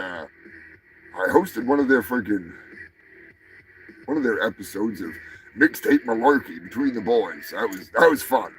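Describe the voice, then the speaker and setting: Gravelly, crude, ranting stream host. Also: male voice, mid-range voice, low-quality recording. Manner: loud, swearing, mock-angry, shouts and mutters. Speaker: livestream comedy news host. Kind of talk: crude ranting livestream banter.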